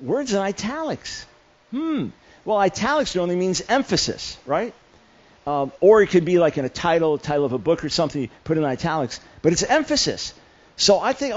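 High-voiced man preaching with stories. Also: lively intonation, normal speed, muffled recording. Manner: storytelling with humor and many restarts. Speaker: guest preacher. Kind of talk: sermon. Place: church camp meeting hall.

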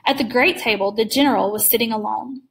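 A woman reading a classic short story aloud in a measured, clear storytelling manner. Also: a little high, poor audio. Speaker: reader.

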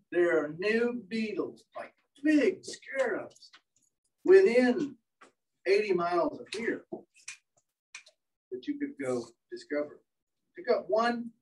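A man teaching entomology to a training group, telling stories with animated, acted-out quotes. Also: high-pitched, far from the mic, rough recording. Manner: animated storyteller, acts out voices. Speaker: entomologist lecturer. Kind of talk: anecdotal training lecture. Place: indoor training room.

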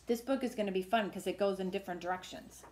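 A woman's voice: medium pitch, fast talker, darkish tone, a little hiss or hum. A woman working as a children's librarian, reading a picture book aloud and making animal sounds for young listeners. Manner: encouraging, talks to young listeners.

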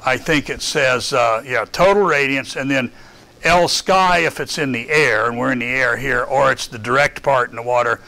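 A man running a lab session, explaining a data file while thinking aloud, halting with many fillers. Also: medium pitch, bright, forceful tone. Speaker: lab instructor. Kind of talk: classroom lab walkthrough.

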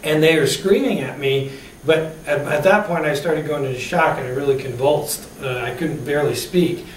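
A man's voice: fairly high pitch, normal speed. A man giving a motivational talk on customer service, telling personal stories and asking the audience questions, recorded from a distance in a room. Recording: echoey room, distant mic, faint hiss.

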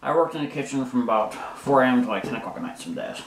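A man's voice: mid-range voice, animated, fast. A man in his home kitchen, talking in a frustrated, rambling way with many fillers while he makes breakfast and eats. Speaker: vlogger. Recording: echoey room, mic far off, loud kitchen noise. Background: dishes, pots, pans and drawers clattering.

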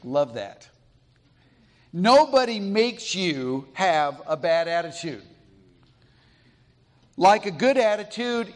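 Middle-aged preacher guy from colorado, fairly high voice, takes it real slow and storytelling in his sermon. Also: very animated. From Colorado, USA. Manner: storytelling, slow and deliberate with pauses. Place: church sanctuary.

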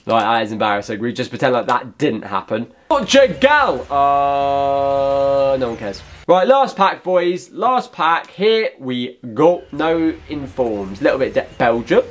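A young man commentating on his own gameplay, talking to viewers in an excitable, chatty way and shouting at big moments. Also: medium pitch, unhurried, soft background music. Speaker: gaming YouTuber.

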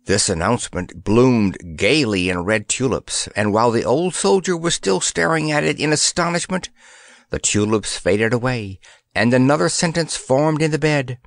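A man's voice: mid-range voice, expressive, moderate pace, no room sound, clean studio sound. A man reading a children's fantasy story aloud as an audiobook narrator, telling it expressively.

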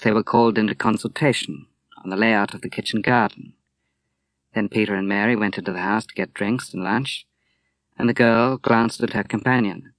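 A man narrating a novel as an audiobook reader, in a measured, even storytelling manner. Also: lowish voice, no echo, clean studio sound. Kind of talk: scripted narration.

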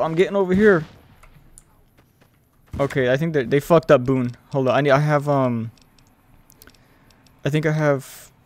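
A young man streaming a video game, chatting casually with viewers, excitable and swearing freely, yelling when the action heats up. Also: medium pitch, a little hiss or hum. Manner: excitable, swears freely, yells during fights. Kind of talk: casual live-stream chat and gameplay commentary.

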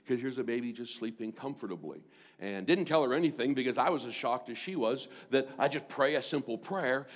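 A man's voice: medium pitch, in a large hall. A middle-aged man, a senior pastor, preaching a sermon and telling a personal story, acting out the voices of the people in it. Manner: storytelling, acts out voices in quotes.

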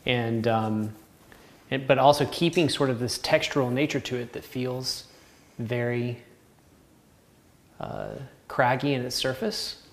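A man's voice: mid-range voice, very animated, a little slow, gravelly. A man with a Southern American accent, a painting instructor chatting casually while he paints, rambling and laughing often.

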